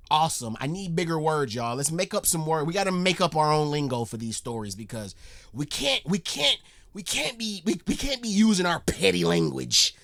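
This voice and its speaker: An excitable man from the United States reacts to a video, and his voice is bright and sharp. His pitch jumps all over the place as he keeps calling out to his viewers. The sound is dry and close, with no room echo. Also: creaky. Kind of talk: casual reaction commentary.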